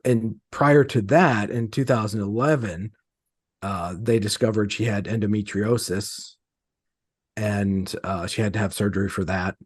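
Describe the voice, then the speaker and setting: A man's voice: fairly low pitch, measured pace, slightly rough, no echo, clean studio sound. A middle-aged man, an author being interviewed, speaking hesitantly with many fillers and restarts. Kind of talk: conversational interview.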